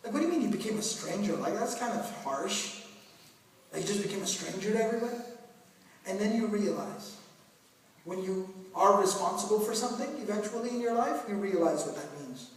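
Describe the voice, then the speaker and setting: A man's voice: high-pitched, expressive, brisk. A man giving a mosque talk in a conversational, humorous way, asking the audience questions. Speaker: preacher. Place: mosque hall. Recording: echoey hall from far off, faint noise.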